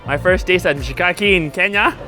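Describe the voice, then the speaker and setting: A high-pitched man hosts a food-tasting vlog, reacting to each bite playfully and with animation. Background music plays clearly under his voice. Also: brisk, sharp tone. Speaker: food vlogger.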